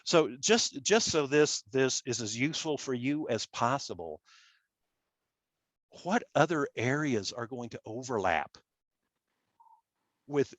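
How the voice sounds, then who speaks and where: A public relations scholar, a nasal Midwestern man, gives an academic lecture with slides. His mid-range voice is fairly bright and free of echo, and his delivery is halting, with repeated words and self-deprecating remarks.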